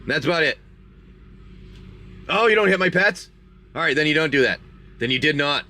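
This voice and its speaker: A man's voice: fairly high pitch, expressive, moderate pace, pushed and bright, slight background noise. A man hosting a live stream, chatty and rambling as he narrates a tabletop game and opens card packs. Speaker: game master and card-break host.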